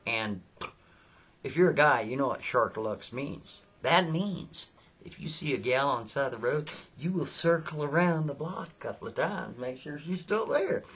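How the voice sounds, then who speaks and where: Husky-voiced man telling a folksy story. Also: mid-range voice, lively intonation, moderate pace, fairly bright tone. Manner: folksy, chatty asides to the listener. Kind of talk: casual spoken storytelling.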